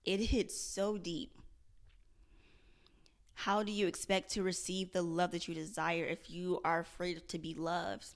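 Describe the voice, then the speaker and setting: A woman's voice: on the low side, little pitch movement, measured pace. A young woman vlogging candidly about her struggles, earnest and self-searching, often repeating and restarting her phrases. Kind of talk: candid confessional vlog.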